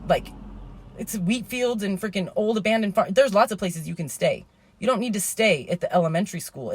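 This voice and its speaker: Woman vlogger, 30s, husky, rambling and worked up, mid-pitched. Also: no echo. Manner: rambling, indignant, swears then apologizes. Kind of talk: rambling casual storytelling.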